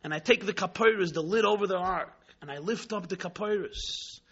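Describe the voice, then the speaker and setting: A man telling a story in a sermon, dramatic, swinging between hushed tones and exclamations, mixing in Hebrew and Yiddish terms. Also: high voice, fairly quick, hardly any pauses, slightly rough. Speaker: rabbi teaching Chassidus. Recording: dull lo-fi recording.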